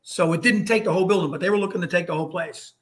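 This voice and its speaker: A man's voice: high voice, very fast. A man from Hartford, Connecticut, telling rambling firehouse stories in a casual chat, full of restarts and blunt, salty talk. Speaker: guest, firefighter. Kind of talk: casual storytelling.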